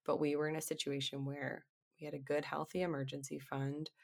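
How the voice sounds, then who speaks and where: A woman who is a physician assistant, a podcast guest telling candid stories in an animated way and laughing often. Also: deep voice, fairly quick, vocal fry. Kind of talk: candid storytelling interview.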